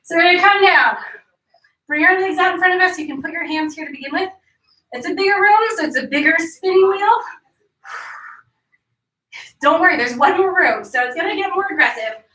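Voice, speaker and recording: A woman's voice: extremely high pitch, normal speed, pauses often, bright, forceful tone. A woman leading a live workout class, chatty and joking while she tells a story and counts reps aloud. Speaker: fitness instructor. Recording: echoey room, distant mic.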